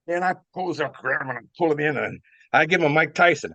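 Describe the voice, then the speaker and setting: A man's voice: a little high, animated, moderate pace, bright, forceful tone, no echo. An older man, a former wrestler, telling rambling stories with chuckles, fillers and restarts. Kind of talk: rambling storytelling. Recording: dull dry lo-fi sound.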